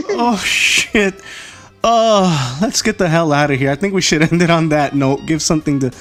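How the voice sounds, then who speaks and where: A man's voice: a little high, animated, measured pace, a bit bright, faint music behind. A man hosting a casual podcast, laughing a lot, swearing and calling people bro and man. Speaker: podcast host. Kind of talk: casual chat.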